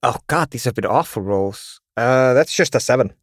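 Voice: medium pitch, lively intonation, moderate pace, dry recording, studio quality. A player in a tabletop game who jokes and laughs at their own bad rolls. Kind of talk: casual tabletop play.

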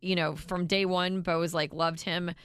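A woman's voice: lowish voice, flat delivery, moderate pace, a bit bright, clean tone, dry recording. A woman in her thirties co-hosting a radio morning show, chatty and emotional, reading listener texts aloud. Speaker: radio co-host. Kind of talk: casual morning show chat. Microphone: studio microphone.

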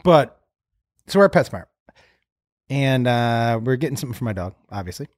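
A man in casual chat, playful and quick with jokes and funny stories about his kids. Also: mid-range voice, very animated, no room sound, studio quality. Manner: playful, quick joking interjections.

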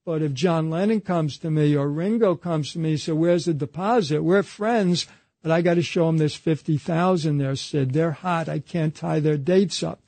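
With a high-pitched voice, vocal fry, and a slightly mellow tone, an interview guest tells a long anecdote at a moderate pace, passing it along through quoted exchanges and repeated "he said." The sound is dry and close, with no echo or room around it.

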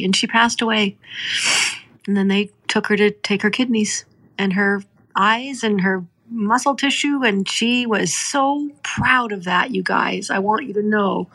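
A middle-aged woman from Canada, hosting a podcast and telling a moving story in an earnest, heartfelt way, slowing down for emphasis. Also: medium pitch, vocal fry, a bit bright. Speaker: podcast host. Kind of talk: emotional storytelling.

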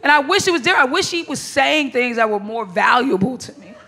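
A woman's voice: sits high, expressive, fast, sharp tone. A woman performing a stand-up comedy set, brash and blunt, with crude punchlines and bursts of laughter. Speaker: stand-up comic.

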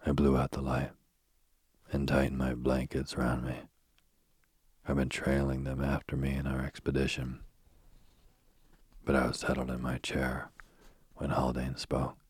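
A man narrating a ghost story aloud in a hushed, often whispered delivery. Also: monotone, a little slow, long pauses, no echo. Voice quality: very deep, husky voice.

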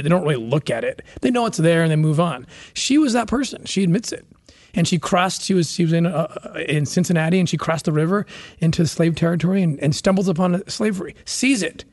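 A husky, fairly high-voiced man speaks as a podcast guest. He retells history with earnest passion, often stumbling and restarting his sentences as he builds his point. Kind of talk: conversational interview storytelling.

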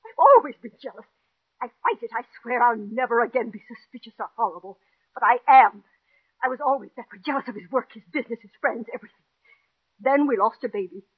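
An actress playing a neurotic, jealous middle-aged wife who pleads in an overwrought, breathless way, acted in 1940s radio-drama style. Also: female voice, fairly high pitch, expressive, fairly quick, husky. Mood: confessing. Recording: tinny old radio broadcast.

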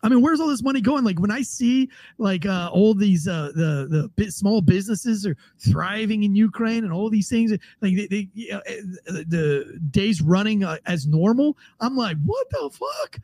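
A man with a high, husky voice that leaps all over the place as he rambles through profane, excitable stories on a political chat podcast. The sound is dry and close, with no room around it. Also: moderate pace, few pauses, dry recording. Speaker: podcast host.

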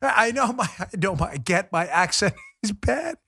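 Brash fast-talking New man. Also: sits high, vocal fry, slightly rough, dry recording, studio quality. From New York. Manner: brash, joking, fast and animated. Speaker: podcast host. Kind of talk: opinionated commentary show.

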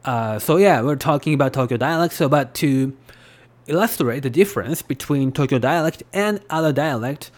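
A man's voice: mid-range voice, lively intonation, normal speed. A Japanese man with a Japanese accent hosting a podcast, talking in a loose, rambling way with lots of fillers. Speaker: podcast host. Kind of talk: casual podcast talk.

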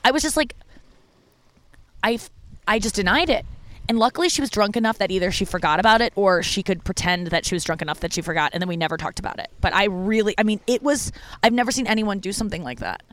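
Candid, profane woman comedian telling stories. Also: quick pace. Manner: candid, profane, heavy use of "like" fillers; animated when quoting people, with big pitch jumps. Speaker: stand-up comedian. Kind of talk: casual storytelling monologue.

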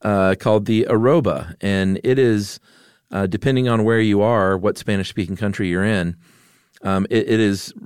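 A man with a fairly low voice co-hosts a podcast in relaxed, casual chat. He talks in an easygoing, rambling way and laughs easily. The recording is dry and close on a studio microphone. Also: moderate pace, clean tone, no echo. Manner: easygoing, laughs often, loose storytelling. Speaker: podcast co-host.

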